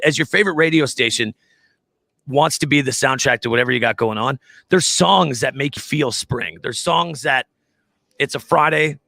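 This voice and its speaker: A man's voice: mid-range voice, gravelly, bright, forceful tone, dry recording. A man hosting a casual live show, joking around with his co-host and reading viewer comments. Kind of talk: casual live-stream chat.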